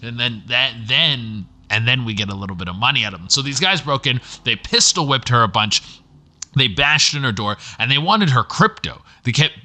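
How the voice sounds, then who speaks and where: A man hosting a solo podcast at his computer, talking in an animated way, swearing freely and jumping between high and low pitch. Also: moderate pace. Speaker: podcast host.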